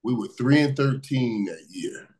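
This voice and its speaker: A man from Miami tells stories as a guest with lively energy. He doubles back on his words and keeps things loose and conversational. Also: mid-range voice, a little slow, poor audio. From Miami, USA. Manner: lively, repeats words, bursts of laughter. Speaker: guest, former pro football receiver. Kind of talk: animated storytelling in casual conversation.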